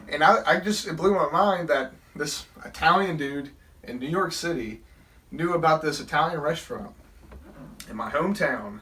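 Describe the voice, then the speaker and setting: A man's voice: on the high side, brisk, bright, forceful tone, distant mic. A young man from Southern Virginia telling a rambling personal story, with many fillers and restarts. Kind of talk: casual storytelling.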